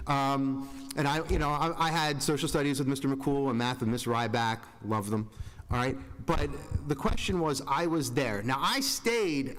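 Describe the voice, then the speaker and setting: A man's voice: medium pitch, a bit bright. Board member, 40s man, earnest and rambling, long hall echo. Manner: rambling, earnest, self-interrupting. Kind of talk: public meeting remarks. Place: large school meeting room. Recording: reverberant hall.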